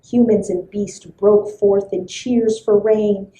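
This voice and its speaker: A woman librarian reading a folk tale aloud to children, expressive and full of sound effects. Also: medium pitch, takes it slowly, roomy sound, rough recording. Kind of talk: storybook read-aloud for children.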